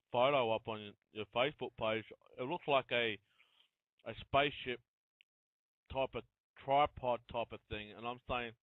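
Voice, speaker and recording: A man's voice: mid-range voice, no room sound. Male host, earnest and rambling, phone-line sound. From Australia. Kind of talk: casual interview.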